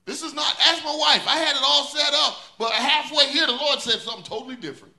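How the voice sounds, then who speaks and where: A man's voice: very high-pitched, quick pace, sharp tone. A male pastor preaching a sermon, building intensity through repeated refrains.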